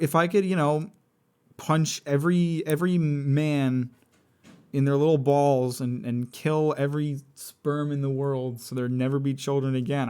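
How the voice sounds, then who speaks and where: A man's voice: on the high side, darkish tone. Sardonic, profane young male streamer. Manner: rambling, profane, blunt and sardonic. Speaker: live streamer. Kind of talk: casual live-stream chat while building a model kit.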